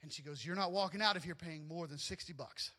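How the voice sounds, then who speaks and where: High, bright-voiced animated pastor. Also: male voice, fast talker. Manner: animated storytelling, often rising to near shouts, with laughs. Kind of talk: sermon with personal stories.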